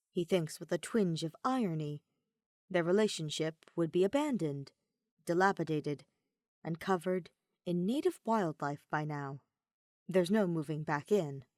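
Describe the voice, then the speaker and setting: A woman narrating fan fiction as an audiobook, in a measured, reflective read. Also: fairly low pitch, darkish tone, no room sound, studio quality. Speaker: podfic reader.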